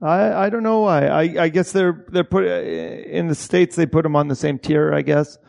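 Casual Canadian assistant director, slightly high gravelly voice, halting delivery. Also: male voice, fairly even intonation, a little mellow. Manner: halting, many restarts and swearing. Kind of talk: casual podcast conversation.

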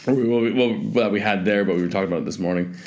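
Lower-voiced Canadian man telling stories. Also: very fast, a little mellow, slight background noise. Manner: rambling, self-correcting, swears freely. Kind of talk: casual storytelling chat.

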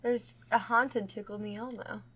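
A woman co-hosting a podcast in casual chat, chatty and quick to laugh, with some swearing. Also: medium pitch, steady tone, fairly bright tone. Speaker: podcast co-host.

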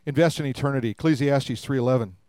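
A man's voice: mid-range voice, quick pace, warm tone, smooth, no echo. An older man preaching a sermon in a conversational way, with humorous asides and rhetorical questions to the congregation. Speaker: pastor.

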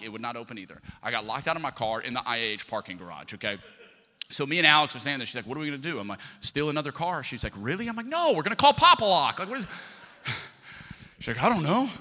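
A pastor with a slightly high, bright, forceful voice preaches a sermon full of stories, acting out the voices of the people he quotes. The recording carries a long hall reverb.

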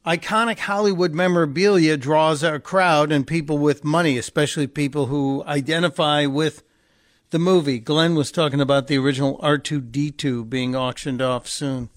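A man's voice: on the high side, steady tone, moderate pace, no room sound, clean studio sound. A man hosting a call-in radio talk show, chatting casually and joking with a caller. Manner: chatty, joking, laughs easily. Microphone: studio microphone.

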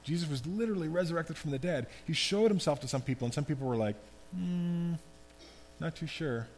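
A man giving a conversational, animated sermon as pastor. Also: on the high side, very fast, faint music behind. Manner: conversational, animated preaching with asides. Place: church hall. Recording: long hall reverb, faint hum.

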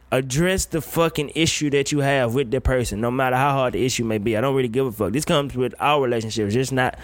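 A young man hosting a solo podcast, talking bluntly and with plenty of swearing as he hands out relationship advice. His voice sits at an ordinary middle pitch. The sound is close and dry, with no room echo. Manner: blunt, profane, preachy, laughs often. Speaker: podcast host. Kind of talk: casual solo podcast rant.

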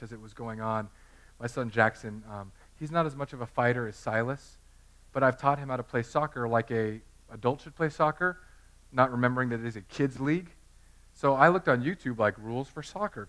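A man's voice: mid-range voice, a bit bright. A man in his thirties preaching a sermon in a conversational, self-deprecating way, telling personal stories. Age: 30s. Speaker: pastor.

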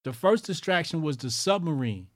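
A man's voice: a little high, lively intonation, moderate pace, dry recording, clean studio sound. A man hosting his own commentary show, ranting crudely with constant swearing, mocking people and repeating lines for emphasis.

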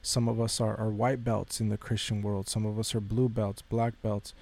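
A man's voice: fairly low pitch, little pitch movement, moderate pace, gravelly, darkish tone. A man hosting a podcast, giving a casual devotional talk in a conversational way, repeating phrases and addressing listeners directly. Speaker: podcast host.

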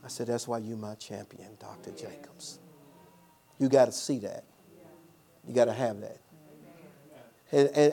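A man's voice: mid-range voice, dark tone. A man preaching a sermon as pastor, telling a personal story with call-and-response.

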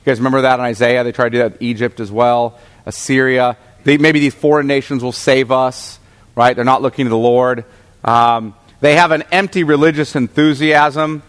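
A man's voice: medium pitch, fairly even intonation, normal speed. Man teaching scripture in a big echoing hall. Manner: conversational, asks the class questions, restarts often. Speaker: pastor teaching a Bible class. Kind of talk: Bible teaching lecture.

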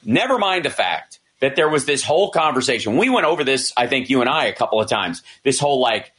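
A man's voice: medium pitch, fast. A man in casual discussion, retelling events with many restarts and acted-out quotes. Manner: animated retelling, acting out quoted dialogue; frequent restarts and fillers. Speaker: commentator.

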